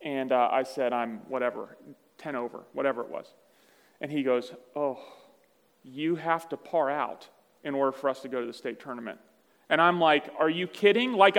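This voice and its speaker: A man preaching a sermon, telling a personal story in a relaxed, self-deprecating way. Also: on the high side, clean tone, in a large hall. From Virginia, USA. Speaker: pastor. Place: church sanctuary.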